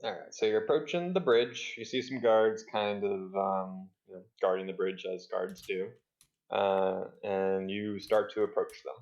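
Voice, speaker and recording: A man's voice: fairly low pitch, measured pace, a little mellow, lo-fi sound. A man running a tabletop game as game master, with laid-back, hesitant narration over a voice call.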